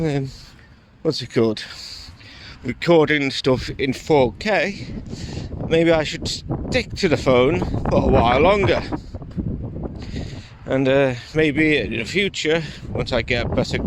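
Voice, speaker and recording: Slow, rambling man outdoors in wind. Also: on the high side. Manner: rambling, hesitant, many fillers. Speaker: vlogger. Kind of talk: casual vlog chat. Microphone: phone. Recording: heavy wind noise on phone mic.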